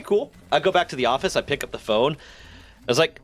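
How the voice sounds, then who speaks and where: A young man chatting casually on a game stream. He tells his story with lively swings of pitch and plays each person in it. Soft music runs underneath. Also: normal speed. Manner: animated, acts out the people in his story. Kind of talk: casual storytelling while gaming.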